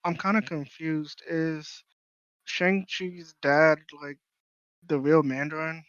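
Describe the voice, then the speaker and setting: A man's voice: on the high side, steady tone, slow pace, fairly bright tone, dull audio. Blunt, slangy man in podcast banter. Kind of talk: casual podcast chat.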